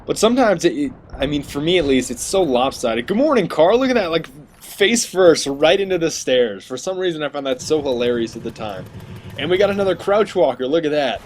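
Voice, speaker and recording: A man's voice: on the high side, lively intonation, a little fast, a little hiss or hum. Sarcastic rambling gaming commentator man. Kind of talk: gameplay commentary voice-over.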